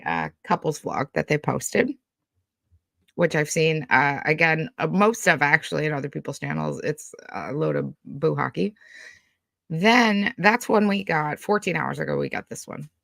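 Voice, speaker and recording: A woman's voice: deep voice, gravelly, fairly bright tone, no echo. A woman hosting live-stream commentary, blunt and profane, talking with angry, sweary frustration. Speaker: YouTube commentary host.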